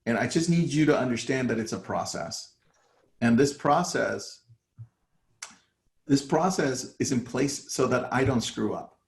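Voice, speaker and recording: Gravelly-voiced man coaching real estate agents. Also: mid-range voice, lively intonation, measured pace, long pauses, roomy sound. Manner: casual, acts out phone calls. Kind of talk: live online training talk.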